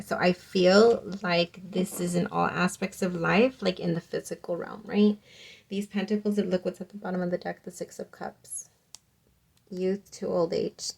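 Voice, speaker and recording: A woman's voice: fairly low pitch, vocal fry, a little mellow. Giggly chatty young woman reading tarot. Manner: giggly, chatty, says "like" often. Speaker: tarot reader. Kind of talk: casual pick-a-card tarot reading.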